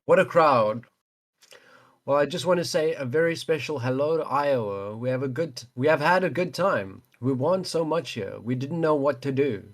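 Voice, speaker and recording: A man's voice: on the high side, lively intonation, normal speed. A man reading out a rambling rally speech as a boastful male politician.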